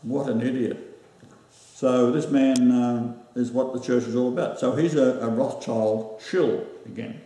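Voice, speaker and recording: A man with an Australian accent, hosting a casual chat, rambling and halting with many fillers. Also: mid-range voice, fairly even intonation, warm tone. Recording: very echoey room, voice distant from mic.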